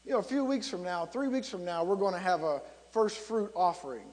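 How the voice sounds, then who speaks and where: A man's voice: high-pitched, animated, fairly quick, darkish tone, in a large hall. A man preaching a sermon as a pastor, conversational and storytelling, driving points home with emphatic repetition.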